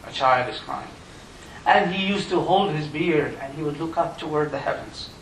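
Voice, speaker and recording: A fairly high-voiced man delivers an impassioned sermon, his voice surging up on key points. He is picked up from a distance in a reverberant prayer hall. A faint rumble sits under the sound. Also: normal speed, a bit bright. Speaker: imam giving Friday sermon. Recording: echoey room miked from a distance.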